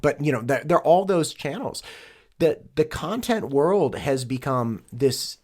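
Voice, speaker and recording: A man's voice: fairly high pitch, a little slow. A man in his late twenties, a podcast guest, chatting casually and telling stories with lots of acted-out quotes. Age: late 20s. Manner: animated storyteller, acts out quotes. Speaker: podcast guest, real estate agent.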